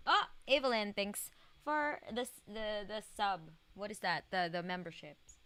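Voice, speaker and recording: Bright, swearing young woman streamer. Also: medium pitch, unhurried, clean tone. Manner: rambling, swearing, many "like" fillers; laughs often. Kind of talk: casual live-stream gaming chat.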